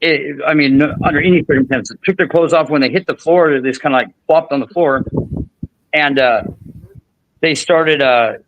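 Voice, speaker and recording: A man's voice: on the high side, normal speed, highs cut off. A man hosting a podcast, telling a long story in casual chat with frequent restarts and fillers. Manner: rambling, many restarts and fillers. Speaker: podcast host.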